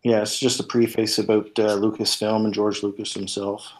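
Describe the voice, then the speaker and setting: A man's voice: lowish voice, level tone, normal speed, slight background noise. A man hosting a casual chat, hesitant and full of fillers as he reads from a book. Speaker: host. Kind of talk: casual chat, reading book text aloud.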